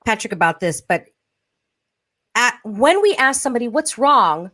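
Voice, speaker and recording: A woman hosting a podcast in a lively chat, acting out quoted voices as she talks. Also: fairly high pitch, normal speed. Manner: animated, acts out quoted voices. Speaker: podcast host. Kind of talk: casual podcast conversation.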